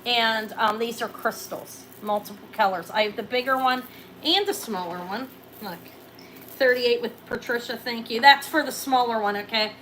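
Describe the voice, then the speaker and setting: Chatty excitable woman auction seller. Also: on the high side, normal speed, a little hiss or hum, poor audio. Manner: chatty and excitable, counting down sales. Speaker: live jewelry auction seller. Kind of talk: live-stream sales chat.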